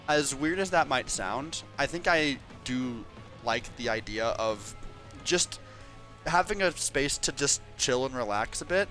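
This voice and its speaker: A man's voice: medium pitch, expressive, a little slow, pushed and bright, soft background music. A man streaming live, chatting casually and laughing often as he plays. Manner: chatty, laughs often, reads game lines aloud in voices. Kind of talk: casual chat while playing and voicing game dialogue.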